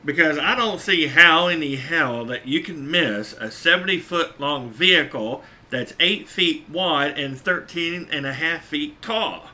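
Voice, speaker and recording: A man's voice: fairly high pitch, a little slow, hardly any pauses, sharp tone. A man who drives a truck, telling a story casually, chuckling often and repeating his points for emphasis.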